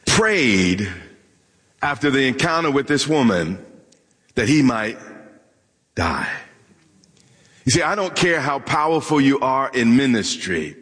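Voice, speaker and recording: A man's voice: mid-range voice, big pitch swings, slow pace, long pauses, fairly bright tone, slightly rough. A man preaching a sermon, joking with and asking questions of his congregation. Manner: humorous, talks directly to the congregation. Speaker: pastor. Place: church hall with live audience. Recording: long hall reverb.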